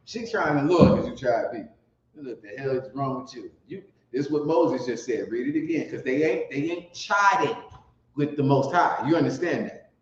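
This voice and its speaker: A man's voice: medium pitch, expressive, moderate pace. Fiery profane street preacher, man. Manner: profane, fiery, swings from mutters to shouts. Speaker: street preacher teaching scripture. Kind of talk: street sermon with scripture reading. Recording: roomy dull lo-fi recording with faint noise.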